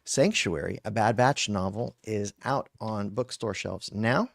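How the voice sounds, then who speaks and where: A man's voice: fairly low pitch, unhurried, creaky, no echo, studio quality. A man hosting a fan podcast, reading a news roundup from his notes with frequent fillers and restarts.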